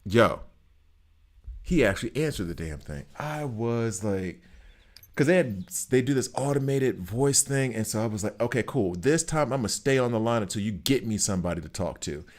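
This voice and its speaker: A man streaming a game, chatting casually and telling stories in an animated, emphatic way. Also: mid-range voice, brisk. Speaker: gaming streamer.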